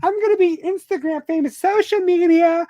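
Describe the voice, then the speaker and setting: A man mockingly voicing a vain, shallow celebrity who is hungry for fame, in a high whine. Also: normal speed, warm tone, no echo, clean studio sound.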